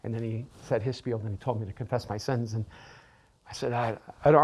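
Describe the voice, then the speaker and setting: A middle-aged man, a pastor and author, telling a personal story in an animated way, often laughing and repeating words. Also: mid-range voice, fairly quick, muffled recording. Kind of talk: storytelling talk.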